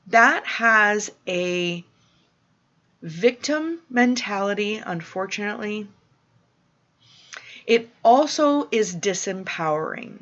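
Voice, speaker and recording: A woman giving a spiritual teaching talk to listeners, speaking in a slow, soothing, affirming way. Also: mid-range voice, animated, fairly bright tone. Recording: dull lo-fi recording.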